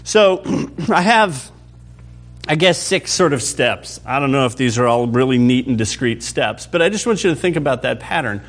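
A man preaching a sermon to his congregation in a conversational teaching style, often checking that listeners follow and pushing louder or dropping soft for emphasis. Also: mid-range voice, expressive, normal speed. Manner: varies pace and loudness for emphasis. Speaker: pastor.

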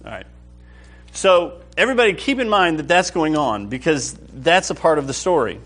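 A man's voice: a little high, expressive, moderate pace, a bit bright, soft background music. A man teaching a Bible study class with enthusiasm, often checking whether the group is following. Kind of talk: lively Bible class lecture.

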